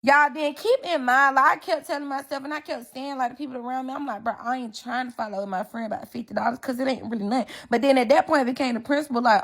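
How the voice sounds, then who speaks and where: Fast-talking indignant young woman, AAVE. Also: high voice. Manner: emphatic, indignant, acts out quotes. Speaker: storyteller recounting a falling-out. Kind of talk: casual story-time vlog.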